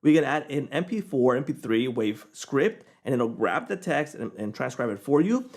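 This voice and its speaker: Chatty man walking through software. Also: mid-range voice, animated, moderate pace. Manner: casual, chatty, keeps checking in with "okay?". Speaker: software reviewer. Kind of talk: screen-recorded software tutorial.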